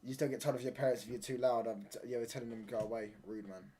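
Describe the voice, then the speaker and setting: A man's voice: mid-range voice, steady tone, quick pace, mellow, a little hiss or hum. A young man hosting a live football watchalong stream from home, reading out viewer chat and answering it with bantering, mock-indignant talk. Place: home room.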